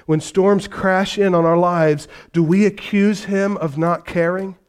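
A male pastor preaching a sermon in an animated way, shifting from hushed, gentle passages to loud, vivid storytelling. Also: high voice, a little slow, clean tone.

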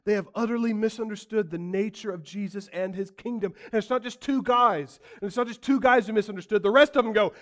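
Guy preaching with a high voice, acts out the quotes, gets loud then goes quiet. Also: moderate pace. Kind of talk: sermon.

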